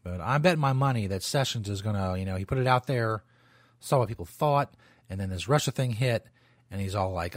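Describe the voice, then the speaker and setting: A man's voice: fairly low pitch, expressive, fairly quick, no room sound. A man hosting a talk radio show, rambling loosely and swearing as he comments. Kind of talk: casual talk radio monologue.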